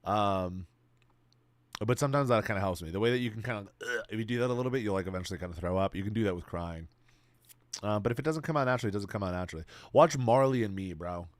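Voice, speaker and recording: A man's voice: lowish voice, fast talker, no room sound. A man in his twenties chatting casually on a live stream, swearing freely and giving laid-back advice to his chat while he plays. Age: 20s.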